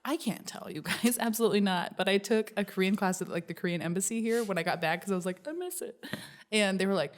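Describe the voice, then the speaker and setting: Quick-talking woman guest, laughing. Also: mid-range voice. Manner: quick, laughing, playful storyteller. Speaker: podcast guest. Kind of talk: casual chat.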